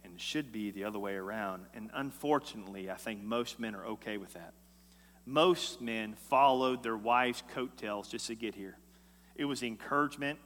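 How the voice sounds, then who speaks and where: A man preaching a sermon as a pastor, emphatic and swinging between loud and hushed lines. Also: fairly low pitch, normal speed. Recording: echoey hall.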